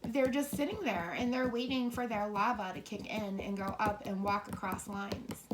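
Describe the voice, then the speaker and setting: A middle-aged woman giving a tarot and coffee-ground reading, rambling, cursing now and then, and slipping into soft whispers. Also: mid-range voice, fairly even intonation, moderate pace, background noise. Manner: swears freely when relaying messages. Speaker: tarot reader.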